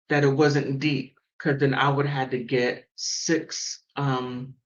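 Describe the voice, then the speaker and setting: A woman from the mountains hosting a call-in show and telling stories in a casual, animated way. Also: lo-fi sound. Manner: animated storytelling with big pitch swings. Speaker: host. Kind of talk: casual chat.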